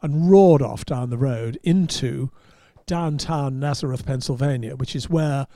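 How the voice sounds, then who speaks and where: A man, a podcast host and motoring journalist, telling an anecdote in an animated way and chuckling at his own punchlines. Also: medium pitch, measured pace, no room sound. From England. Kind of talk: anecdotal storytelling.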